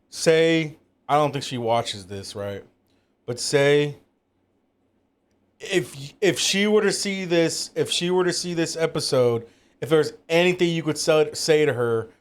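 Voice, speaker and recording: A man hosting a podcast, asking gentle, probing questions. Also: on the high side, unhurried. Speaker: podcast host. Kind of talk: casual interview.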